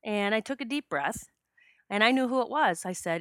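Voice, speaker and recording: A woman's voice: mid-range voice, expressive, normal speed, fairly bright tone, dry recording, studio quality. A woman hosting a podcast, telling a personal spiritual story and getting choked up as she talks. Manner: emotional, gets choked up. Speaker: podcast host.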